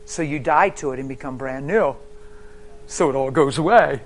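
A man preaching a sermon as personal testimony, telling his story emphatically and swinging between hushed and loud. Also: medium pitch, moderate pace, soft background music.

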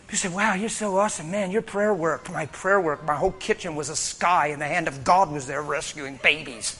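A man preaching a sermon, telling a story with animated bursts of shouting and laughter. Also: on the high side, moderate pace.

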